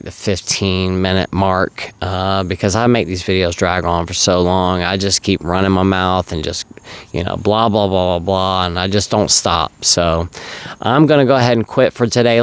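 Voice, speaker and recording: Male, 30s, deep resonant voice, close and dry; casual vlogger who rambles earnestly and speaks frankly about recovery. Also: smooth, no echo. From South Carolina. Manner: rambling, earnest, filler-heavy. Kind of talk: casual monologue to camera.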